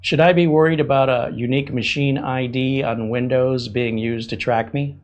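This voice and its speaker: A man's voice: mid-range voice, fairly even intonation. A male tech show host chatting casually and jokingly, often hesitating with ums and uhs. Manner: hesitant, joking, fills pauses with um and uh. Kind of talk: casual demo chat.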